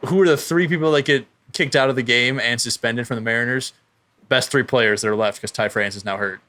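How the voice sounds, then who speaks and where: Man, sports podcast co-host, forceful bright tone, worked-up storytelling, casual chat. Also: medium pitch. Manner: heated, rapid storytelling, swears.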